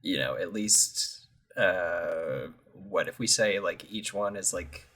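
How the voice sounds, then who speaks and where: A woman's voice: rumbling low, slow, a bit bright, breathy edge. A woman co-hosting a casual gaming podcast who laughs often and chimes in with short reactions. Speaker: podcast co-host.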